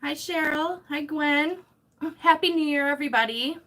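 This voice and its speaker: A woman's voice: sits high, normal speed, pushed and bright. Chatty woman greeting live-stream viewers. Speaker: YouTuber hosting a live stream. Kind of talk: casual live-stream chat. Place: home room, camera set far away.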